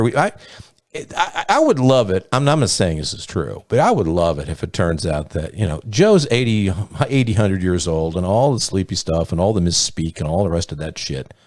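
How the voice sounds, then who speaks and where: A man's voice: sits low, darkish tone, no room sound, studio quality. A man hosting a podcast, giving blunt, profane, sarcastic commentary in a casual way. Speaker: podcast host.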